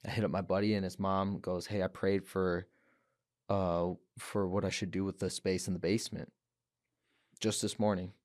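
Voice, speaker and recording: Earnest young man, low voice, dry close sound. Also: flat delivery, normal speed, darkish tone, dry recording. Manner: earnest, many restarts, quotes others' words. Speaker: guest, professional fighter. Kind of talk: emotional personal testimony. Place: podcast studio.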